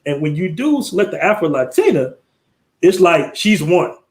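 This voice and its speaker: A man's voice: on the high side, moderate pace. Slangy American man hosting a livestream. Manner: animated, slangy, laughs often. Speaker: livestream host. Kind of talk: casual live-stream talk.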